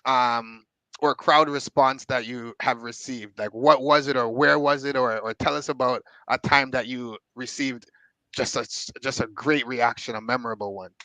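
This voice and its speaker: A man hosts an interview and asks measured, encouraging questions. His voice is gravelly, and the sound is dry and close. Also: mid-range voice, steady tone, bright, forceful tone, no echo, rough recording. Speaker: host. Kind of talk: interview host.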